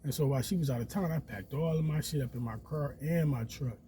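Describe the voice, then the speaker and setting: A man's voice: on the high side, quick pace, a little hiss or hum. Profane storytelling man. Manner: animated, profane, acts out quotes in a raised voice. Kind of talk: casual storytelling.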